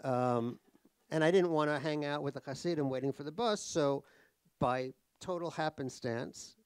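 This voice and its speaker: A middle-aged man tells funny stories about himself on stage. His pitch sits in the ordinary middle range, and his delivery is wry and rambling, full of fillers and restarts. The recording is dry and close, with little room sound. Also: a little mellow, no echo. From United States (New York). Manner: wry, self-deprecating, laughs at his own jokes. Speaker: author guest in a stage conversation. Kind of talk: comic anecdotal storytelling. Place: live talk at a cultural center.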